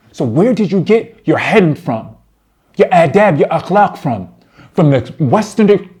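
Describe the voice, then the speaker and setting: A man giving heated reaction commentary, addressing his target directly with blunt, slangy lecturing that swings between low muttering and loud outbursts. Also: husky. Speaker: commentator responding to a debate.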